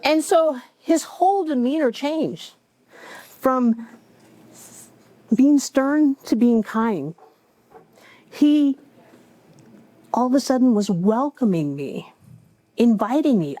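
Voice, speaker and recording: A woman telling a true story to a live cafe audience, her voice sitting a touch high. She speaks in a reflective, measured way with wry asides. The sound is dry and close, with no room echo. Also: very animated, warm tone.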